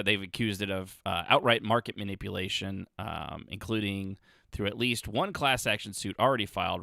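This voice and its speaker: A man's voice: lowish voice, vocal fry, sharp tone, dry recording, clean studio sound. A man hosting a casual gaming podcast, rambling and sarcastic, often breaking off mid-sentence. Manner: rambling, sarcastic, self-interrupting. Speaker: podcast host.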